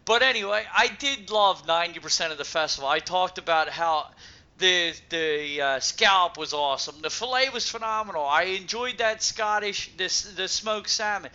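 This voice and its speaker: A man's voice: high-pitched, normal speed, bright, forceful tone, muffled recording. A man co-hosting a podcast in casual chat, stuttering and emphatic. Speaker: podcast co-host.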